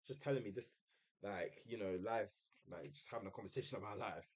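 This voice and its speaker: A man's voice: a little fast, breathy edge. Chatty young man telling a story. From United Kingdom. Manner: chatty, uses slang, mimics others in a high voice. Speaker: streamer. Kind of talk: casual storytelling.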